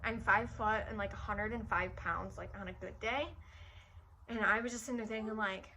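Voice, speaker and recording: A woman's voice: medium pitch, fairly even intonation, moderate pace, bright, forceful tone, a little hiss or hum. A young woman from Michigan telling a personal story in a casual, chatty way, full of "like" fillers. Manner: chatty, frequent "like" fillers, emotional retelling. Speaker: vlogger.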